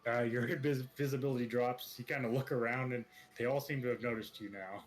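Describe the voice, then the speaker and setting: A man narrating as game master of a tabletop role-playing game, relaxed and full of hesitations. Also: medium pitch, a little fast, rough recording. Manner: relaxed, hesitant with many fillers.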